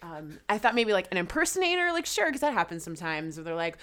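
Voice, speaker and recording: A woman's voice: lowish voice, expressive, quick pace, hardly any pauses, a bit bright. A young woman from Georgia, a singer guest in a casual interview, telling stories animatedly and acting out quoted asides. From Georgia, USA.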